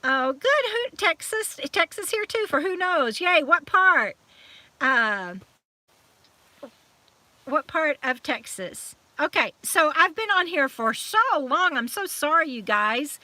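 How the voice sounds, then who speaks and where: A woman hosting a live stream chat, warmly thanking viewers by name and trailing off with fillers as she signs off, still a little emotional from crying. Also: high-pitched, lively intonation, slow pace, no echo. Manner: chatty and affectionate, reading out viewer comments with many fillers.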